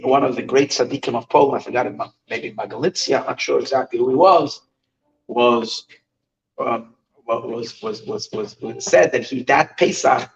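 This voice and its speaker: A man, a rabbi, telling stories in a halting lesson, with many restarts. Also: medium pitch. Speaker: rabbi teaching. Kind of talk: storytelling lesson. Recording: dull recording, far from the mic.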